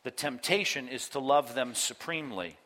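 Bright-voiced male pastor preaching. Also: medium pitch, moderate pace. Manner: animated, acts out quoted voices, addresses congregation directly. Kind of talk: sermon. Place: church.

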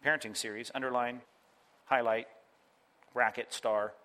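A man's voice: mid-range voice, measured pace. A man preaching a sermon as pastor, talking straight to his congregation and acting out the people he quotes. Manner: animated, acts out quoted voices, addresses congregation directly. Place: church.

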